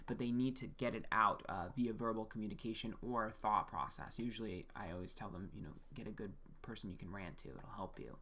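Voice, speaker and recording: This man speaks in a mid-range voice with a slight brightness. Acting as an astrologer, he gives a frank, casual one-on-one birth chart reading, addressing the listener directly, checking in with "okay?" and swearing now and then.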